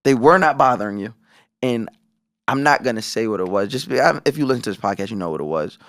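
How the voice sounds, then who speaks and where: Animated, profane man telling a story. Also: mid-range voice, fast, dry recording, studio quality. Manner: animated storytelling, profane, acts out quoted voices. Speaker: podcast co-host. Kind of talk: casual podcast chat.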